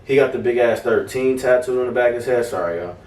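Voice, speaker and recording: A man's voice: mid-range voice, quick pace, over music. A young adult man co-hosting a podcast, telling a story in casual chat, swearing freely and acting out the voices of people in it. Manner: animated, swearing, acts out quoted voices. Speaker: podcast co-host. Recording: roomy, distant mic.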